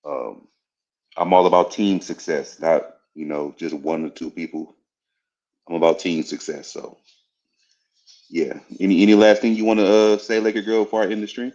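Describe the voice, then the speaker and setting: A man's voice: sits low, normal speed, a little mellow, muffled recording. A laid-back man hosting a livestream and wrapping up the chat. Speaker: stream host.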